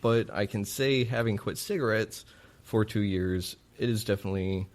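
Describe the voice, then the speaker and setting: Low-voiced supportive podcast host man. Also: normal speed. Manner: supportive, open, many short affirmations. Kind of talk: casual interview conversation.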